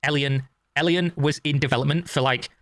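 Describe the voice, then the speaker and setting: A man's voice: a little high, steady tone, brisk, a bit bright, a little hiss or hum. A man in a video that is being reacted to, giving argumentative and profane opinion commentary.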